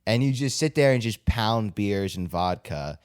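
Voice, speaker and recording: A young man with a low voice that swings up and down a lot tells stories as a podcast co-host. He rambles through fillers and restarts, swears freely and breaks into laughter. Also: lively intonation, moderate pace, smooth, no room sound, clean studio sound. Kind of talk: casual chat.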